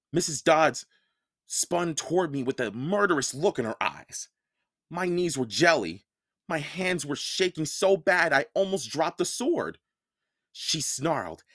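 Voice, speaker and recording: Expressive male audiobook narrator. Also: fairly high pitch, no room sound, studio quality. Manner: expressive storytelling. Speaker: audiobook reader. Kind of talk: first-person audiobook narration.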